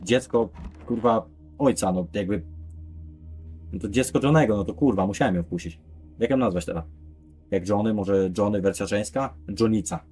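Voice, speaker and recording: A man's voice: fairly low pitch, fairly quick, a little mellow, breathy edge. A young man with a Polish accent, a Polish native speaker, casually commentating a game and swearing, with music under him. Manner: casual, swearing, reads dialogue aloud. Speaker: gamer. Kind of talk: let's play commentary.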